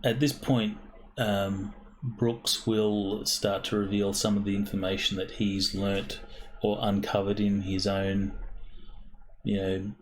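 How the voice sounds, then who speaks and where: A man narrates as game master of a tabletop game with a low, unhurried voice. He stays in a flat, even tone and fills his pauses with ums. A faint hiss sits under his voice. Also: rough recording. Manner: slow, deliberate narration with many ums.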